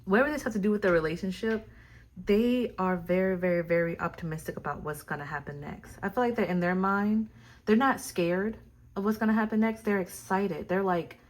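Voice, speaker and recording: A woman giving a casual tarot reading, talking straight to her viewers in a gushing, excitable way. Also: mid-range voice, moderate pace, a little hiss or hum. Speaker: tarot reader.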